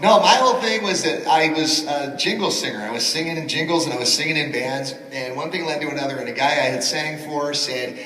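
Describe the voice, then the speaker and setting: Fast-talking animated voice actor on a panel. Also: male voice, fairly high pitch. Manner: animated, jokey, laughing often. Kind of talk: storytelling panel talk. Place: large convention hall. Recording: echoey hall from far off.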